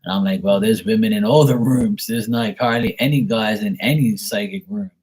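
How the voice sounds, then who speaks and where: Man, live tarot reader, husky low voice, blunt profane chat, casual rant. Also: moderate pace, a little mellow. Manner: blunt, profane storytelling, slips into mocking voices. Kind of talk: casual monologue to a live stream.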